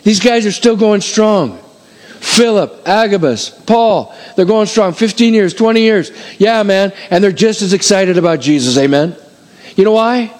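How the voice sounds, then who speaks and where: An older male pastor preaching a sermon in an animated, conversational way, repeating phrases for emphasis. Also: high-pitched, measured pace.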